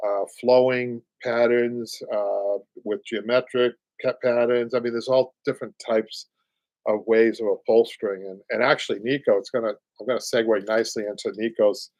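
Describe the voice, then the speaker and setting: A man's voice: mid-range voice, a little mellow, dry recording. A man in his late fifties with a Boston accent, hosting a live upholstery show in a rambling, chatty way full of fillers and little chuckles. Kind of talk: casual live-stream chat.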